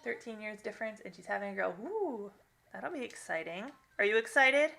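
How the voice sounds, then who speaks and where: A woman's voice: mid-range voice, lively intonation, a little fast, gravelly, bright, forceful tone. A young woman streaming a game, chatting casually with viewers and reading their comments, rambling and laughing often. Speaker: gaming live-streamer.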